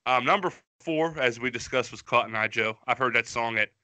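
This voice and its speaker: A man's voice: medium pitch, brisk, bright, forceful tone, no echo. A man co-hosting a podcast in casual chat, mocking songs with a profane, rambling manner. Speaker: podcast co-host.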